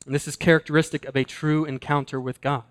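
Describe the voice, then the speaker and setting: A man's voice: a little high, level tone, smooth. Earnest man preaching a sermon. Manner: earnest, slows and drops to a hush for emphasis. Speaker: pastor.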